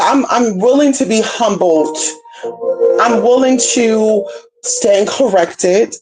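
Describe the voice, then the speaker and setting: A woman from California talking casually to her viewers as a spiritual reader, sassy and chatty, calling them baby and girl, dropping to low murmurs and jumping up to high squeals. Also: a little mellow.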